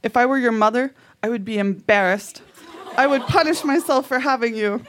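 A woman's voice: on the high side, normal speed, a little hiss or hum. A woman on a live theatre stage, reading aloud her own indignant schoolgirl letters with comic emphasis. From Canada.

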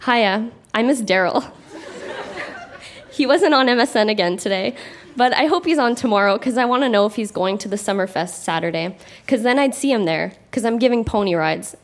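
A woman's voice: mid-range voice, animated, a little fast, some chatter behind. A young woman from Canada reading her childhood diary aloud on a live stage, amused and breaking into laughter between entries. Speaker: reader on stage. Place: live stage before an audience.

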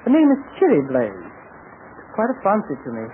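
A chummy british pilot, lively swoopy talk, crackly old tinny radio. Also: male voice, high-pitched, a little fast. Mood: boastful. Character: young British airman, injured, chatty. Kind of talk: 1940s radio acting. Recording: scratchy 1940s radio broadcast.

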